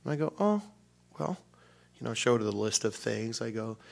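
Speaking at a moderate pace in a mid-range voice touched by vocal fry, a man gives a narrative sermon. He's animated and self-deprecating, voicing characters with big swings and going nearly silent in prayer.

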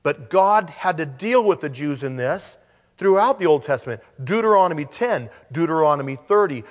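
Animated man preaching in a reverberant hall. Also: on the high side, moderate pace, highs cut off. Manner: animated, joking asides with restarts. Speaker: pastor. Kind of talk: sermon.

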